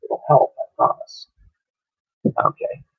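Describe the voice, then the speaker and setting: A man hosting a livestream, giving casual spoken advice in a loose, chatty way, often restarting his phrases and answering chat. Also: takes it slowly. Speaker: livestream host. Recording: dull lo-fi stream audio.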